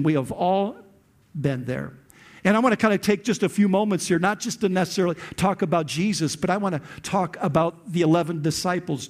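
A man preaching a sermon as pastor, impassioned, with rhetorical questions and dramatic pauses that build to loud peaks. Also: high voice.

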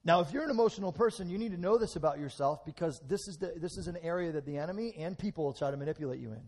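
A middle-aged man preaching a lively sermon, swinging between loud and hushed, acting out bits of dialogue. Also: a little high, very fast.

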